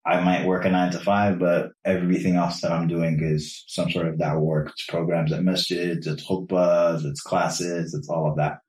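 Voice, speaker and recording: A man with a notably deep voice talks in a relaxed, explanatory way, often restarting his sentences. He is set back from the microphone. The room around him rings with echo. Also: moderate pace, few pauses. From New York. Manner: easygoing, explanatory, trails off and restarts. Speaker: guest, religious teacher. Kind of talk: casual interview chat. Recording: roomy echo, distant mic.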